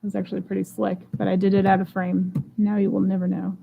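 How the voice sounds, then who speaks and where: A woman's voice: mid-range voice, little pitch movement, fast, creaky, phone-quality sound, a little hiss or hum. A woman selling jewelry on a live stream, chatting playfully and joking about herself as she unboxes and runs auctions. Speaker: online jewelry seller. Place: home room.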